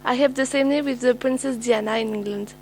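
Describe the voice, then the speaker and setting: A woman's voice: fairly high pitch, steady tone, fairly quick, darkish tone, a little hiss or hum, low-quality recording. A teenage girl introduces herself to pen pals in careful learner's English with fillers. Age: teens. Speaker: student.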